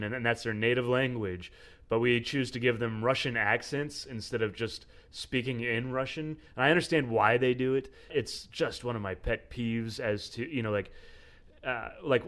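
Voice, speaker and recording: A man co-hosting a relaxed movie podcast, talking in loose, rambling sentences. His voice sits at an ordinary middle pitch. He fills his thoughts with "like" and "you know" as he works toward his point. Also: moderate pace. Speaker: podcast co-host. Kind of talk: casual film discussion.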